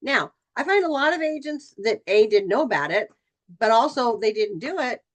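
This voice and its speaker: A woman's voice: fairly high pitch, animated, normal speed. A middle-aged woman leading a training session for real estate agents, talking casually and acting out bits of client dialogue. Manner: conversational, acts out client dialogue.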